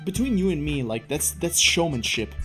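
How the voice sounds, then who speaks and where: A man's voice: a little high, very animated, moderate pace, pushed and bright, faint music behind. A man giving comedic reaction commentary, ranting sarcastically and swearing freely. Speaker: reaction video host.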